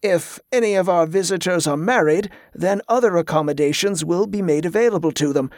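A man voicing a formal, stately male monk who guards an abbey gate, speaking in a measured, ceremonious way. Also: sits high, no room sound, clean studio sound.

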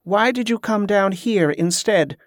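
An audiobook narrator voicing a middle-aged monk man who speaks in a measured, formal way. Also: mid-range voice, lively intonation, dry recording, studio quality, pitched above the performer's own voice, lightly acted. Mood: calm.

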